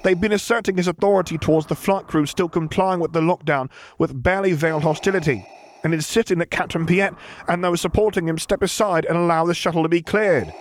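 A man reading a story, voicing a nervous young officer who explains in a rushed, anxious way. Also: fairly high pitch, a little hiss or hum, pitched above the performer's own voice, lightly acted. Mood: flustered. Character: nervous young male officer, flustered and deferential.

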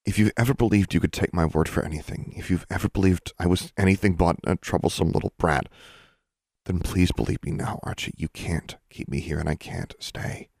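A sad but determined teenage girl in a storybook reading, quiet and earnest, voiced by a male narrator with a deep voice. The sound is dry and close. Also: a little fast, vocal fry, no echo. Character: sad, determined sixteen-year-old girl.

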